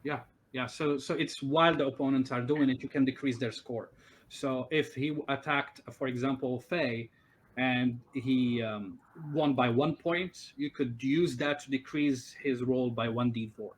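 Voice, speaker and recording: A man runs a tabletop game over a voice call and thinks out loud as he goes. He rambles through the rules, with plenty of fillers and restarts, and a faint background hum sits under his voice. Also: mid-range voice, unhurried. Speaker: game master. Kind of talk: running a tabletop game online.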